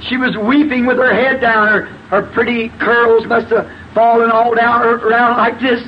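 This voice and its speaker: A man preaching with fervent emphasis in a high voice, rising now and then to a shout. The tape is muffled and old, with a faint hiss underneath. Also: level tone, normal speed. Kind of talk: sermon. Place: church before a responding congregation.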